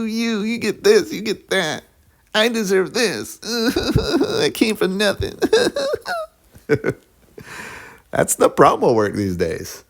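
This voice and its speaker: A man, a YouTuber, ranting casually to camera in a blunt, sarcastic way, laughing at his own jokes. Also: low voice.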